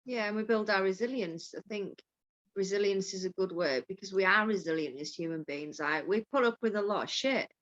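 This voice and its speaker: A mindfulness coach from Yorkshire, England, speaks fairly quickly in a medium-pitched, slightly bright voice. She's open and frank in candid, casual chat, swearing freely and laughing often. The call audio is dull and lo-fi.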